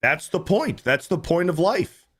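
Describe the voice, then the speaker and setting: A man's voice: high-pitched, sing-song, a little slow, fairly bright tone, breathy edge. A man hosting a livestream, reacting to clips in casual, profane commentary and often repeating himself. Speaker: livestream host.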